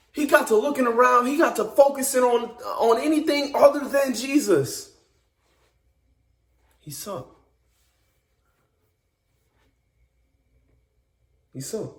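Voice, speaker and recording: A man with a notably high-pitched voice gives an informal devotional sermon. He speaks earnestly and emphatically, circling back over phrases and restarting them. The recording sounds echoey, as in a bare room. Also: moderate pace. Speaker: speaker giving a devotional message. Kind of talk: informal preaching.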